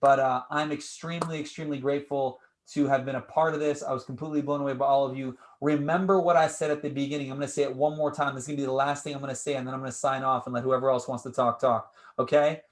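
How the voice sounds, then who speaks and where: A man hosting a competition livestream, announcing the results with energetic hype and repeating his phrases, heard over a video call. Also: mid-range voice, quick pace, few pauses. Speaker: competition host.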